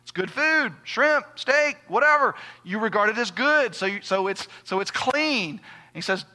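A man's voice: high voice, expressive, moderate pace, bright, forceful tone. A male pastor preaching a sermon, emphatic, putting rhetorical questions to his congregation.

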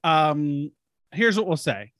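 Male podcast co-host, playful rambling delivery, animated pitch, dry close recording. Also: takes it slowly, no room sound. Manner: joking, rambling with restarts. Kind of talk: casual chat.

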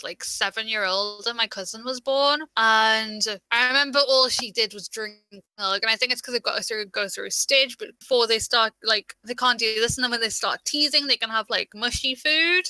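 A young woman with a sharp, very bright and fairly high voice, chatting casually and teasing her friend. Her talk is quick and playful. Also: fairly even intonation, clean tone, poor audio. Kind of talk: casual chat.

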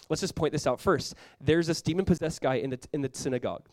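A man's voice: a little high, fast, hardly any pauses, darkish tone, no echo. A man preaching a sermon as pastor, earnest and conversational, often acting out what people say.

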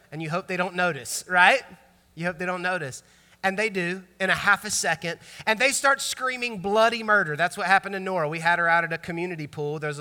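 A male pastor in his thirties preaching in an animated, storytelling way. His voice is high and very bright. It carries a long reverb, as from a church sanctuary. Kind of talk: sermon.

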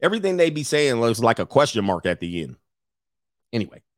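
A man streaming, reacting to a clip with loud laughing commentary and mocking quoted voices. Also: mid-range voice, big pitch swings, a little fast, no room sound, studio quality.

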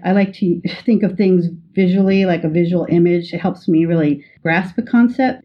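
A woman educator giving a measured, patient teaching talk, explaining with everyday examples. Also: lowish voice, slightly rough, lo-fi sound. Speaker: educator guest.

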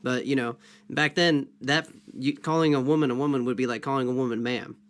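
A man's voice: medium pitch, steady tone, a little fast. A man in a Bible study who reads a passage aloud and then talks it through in a conversational way, often saying "you know" and "um". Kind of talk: scripture reading and discussion.

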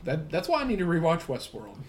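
A man talking quickly in a loose group chat, cracking crude jokes and quick references. Loud crowd chatter fills the background. His voice sits at a middle pitch. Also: wildly swooping pitch. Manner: fast-talking, joking, crude. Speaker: podcast co-host.

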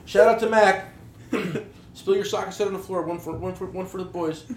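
A man hosting a podcast, swearing freely through lively, animated stories about his tool business. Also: high-pitched, normal speed. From New Jersey. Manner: profane, animated storytelling. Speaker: podcast host, tool dealer. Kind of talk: casual podcast chat. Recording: roomy echo, faint background hiss.

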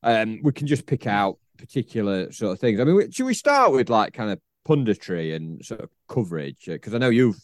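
A man's voice: fairly low pitch, big pitch swings, brisk, hardly any pauses, no room sound, studio quality. A man, co-hosting a podcast in casual, rambling chat and laughing often. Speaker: podcast co-host.

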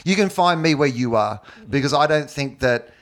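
An Australian man in casual podcast chat, telling comic stories at a medium pitch. He talks animatedly and laughs often as he goes. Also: expressive, moderate pace. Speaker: guest comedian.

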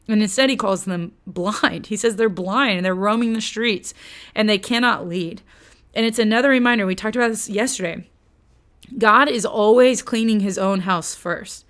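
A woman teaches the Bible in an easygoing, chatty way. She drops slang into her lessons and retells the old stories with energy. Her voice sits in a middle pitch. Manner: conversational and slangy, lively retellings.

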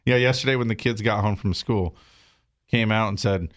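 A man's voice: fairly low pitch, normal speed. Chatty middle-aged man rambling. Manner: chatty, rambling storyteller with self-corrections. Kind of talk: casual studio chat.

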